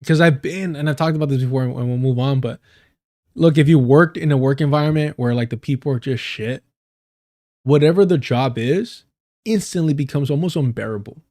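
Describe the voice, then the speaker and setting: A man's voice: medium pitch, brisk, a little mellow. Profane, laughing man telling stories. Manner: profane, laughs often, loose and rambling. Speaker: live streamer. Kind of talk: casual storytelling.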